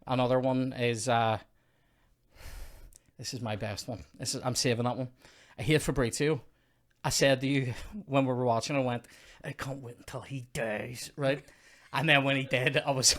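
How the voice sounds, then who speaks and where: A man's voice: mid-range voice, fairly even intonation, normal speed. A man hosting a comedy podcast, ranting in mock outrage and casual chat about a film.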